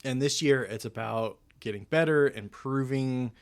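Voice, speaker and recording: A young man hosts a relaxed podcast chat at a middling pitch, rambling through his thoughts with plenty of restarts. He pokes fun at himself and breaks into laughter now and then. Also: moderate pace. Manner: rambling, self-deprecating, laughs often. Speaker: podcast host. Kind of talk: casual chat.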